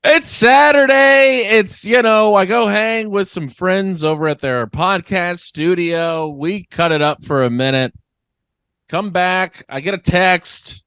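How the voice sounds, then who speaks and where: Man, podcast co-host, casual comedy chat, deadpan riffing, slightly high voice. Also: unhurried, clean tone, dry recording. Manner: dry, riffing, mock-serious.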